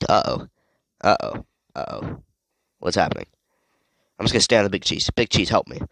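Young male gamer, sick, low voice with a bouncy lively swing, rambling play-by-play and sudden yelps, dry close sound. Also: moderate pace, creaky, no room sound. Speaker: gaming video creator. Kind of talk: casual gameplay commentary.

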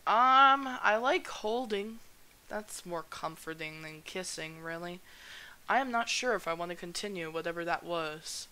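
A woman's voice: fairly low pitch, lively intonation, unhurried, sharp tone, smooth. Rambling woman reading a visual novel. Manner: rambling, puzzled asides between narration. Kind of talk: let's play commentary mixed with story reading. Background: game music.

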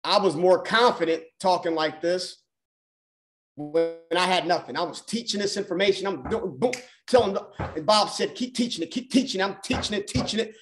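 A man's voice: sits high, moderate pace. A man coaching on a mindset call, talking emphatically and repeating key phrases for effect. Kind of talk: motivational call talk.

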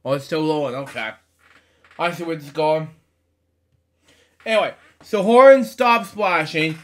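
A storybook reader, a high-voiced man with a slightly bright tone, gives a slow, halting picture-book read-aloud. He stumbles often, using frequent fillers and self-corrections, and adds chatty asides between pages.

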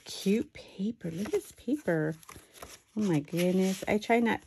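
A woman chatting excitedly while unboxing a craft swap package, with self-deprecating asides. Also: medium pitch, moderate pace, gravelly, a little hiss or hum. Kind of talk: casual unboxing commentary. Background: paper crinkling and clicks.

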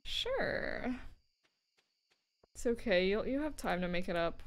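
A woman's voice: mid-range voice, lively intonation, fast. A young woman streamer chatting casually while playing a game, rambling and swearing as she goes. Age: young adult. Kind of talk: casual chat while gaming.

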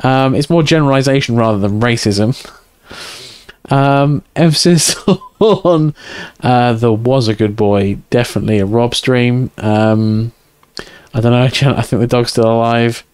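Slow, giggly man streaming. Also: mid-range voice, a little mellow, clear, resonant tone, no room sound. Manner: giggly, sweary and rambling, chatting to viewers. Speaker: game streamer. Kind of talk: casual live-stream chat.

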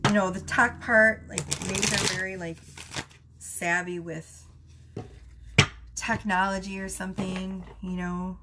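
A woman giving a casual tarot reading, rambling with many fillers and asides, her voice going hoarse. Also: medium pitch, flat delivery, takes it slowly, long pauses, heavy background noise. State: losing her voice. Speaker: tarot reader.

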